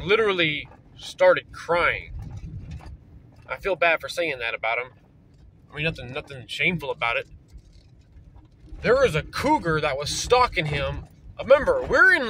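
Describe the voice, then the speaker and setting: A man's voice: a little high, big pitch swings, measured pace, long pauses, pushed and bright, a little hiss or hum, poor audio. A man telling a story casually, rambling and swearing, with lots of fillers, recorded in a parked vehicle. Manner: rambling, profane, full of fillers. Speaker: vlogger.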